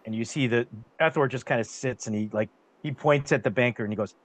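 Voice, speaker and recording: A man's voice: mid-range voice, quick pace, a bit bright, rough recording. A man narrating a tabletop game as game master, talking casually with lots of fillers.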